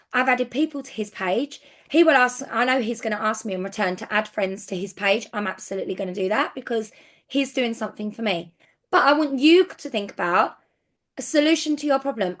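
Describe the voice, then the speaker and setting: A woman giving casual business coaching as a sales team leader, chatty and excitable with frequent restarts. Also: fairly high pitch.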